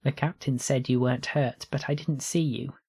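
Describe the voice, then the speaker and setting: A man's voice: medium pitch, fairly even intonation, moderate pace, gravelly, darkish tone, breathy edge, pitched above the performer's own voice. A man voicing a small, anxious alien creature who stammers and worries. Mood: timid. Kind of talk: audiobook reading.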